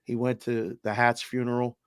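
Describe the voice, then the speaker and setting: A man's voice: mid-range voice, level tone, normal speed, smooth, dry recording, clean studio sound. A man co-hosting a casual sports betting show, trading laid-back jokes and picks. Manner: laid-back, joking banter.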